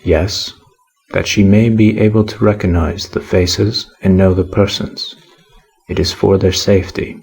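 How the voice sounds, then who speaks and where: Man reading a grim, reserved middle-aged wine-shop keeper, deep and husky, curt and mechanical. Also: flat delivery, a little slow, a little mellow, exaggerated voice.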